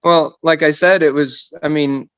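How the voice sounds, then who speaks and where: A man's voice: a little high, steady tone, unhurried, a bit bright, clean tone, no room sound. Rambling fifty-something man, dry muffled audio. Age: 50s. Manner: rambling, self-deprecating storyteller. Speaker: guest racing driver. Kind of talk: casual podcast chat.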